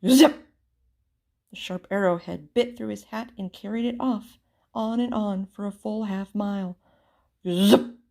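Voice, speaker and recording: A woman reading a children's storybook aloud with expressive, theatrical narration. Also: medium pitch, normal speed, creaky. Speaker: storybook reader.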